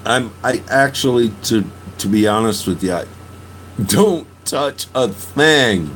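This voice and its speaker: A man's voice: medium pitch, lively intonation, slow pace, a bit bright, slight background noise, low-quality recording. A man telling a story in a casual podcast monologue, profane and laughing, venting his emotions. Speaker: podcast host.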